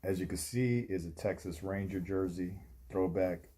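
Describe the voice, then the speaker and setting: Deep husky man telling a story. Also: moderate pace, dark tone. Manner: dry, comic storytelling. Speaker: vlogger. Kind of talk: casual storytelling.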